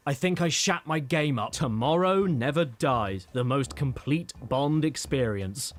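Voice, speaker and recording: A man's voice: medium pitch, animated, measured pace. A man narrating a scripted comedy video essay in a dry, sarcastic way full of absurd asides. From United Kingdom.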